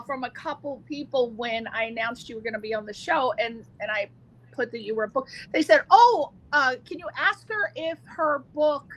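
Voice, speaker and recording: A woman hosts a radio interview in a very high, bright voice. She talks slowly, with lots of fillers, and her pitch swoops all around. Her delivery is gushing and exclamatory. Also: poor audio. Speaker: radio show host. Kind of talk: interview chat.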